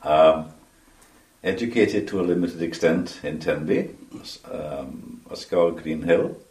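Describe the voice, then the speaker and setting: A man in his seventies with a Welsh accent, recalling his past in an interview, measured and pausing with frequent ums. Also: very deep voice, a little mellow. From Wales. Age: 70s. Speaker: interview guest. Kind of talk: reminiscing interview answers. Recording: roomy sound from a distance.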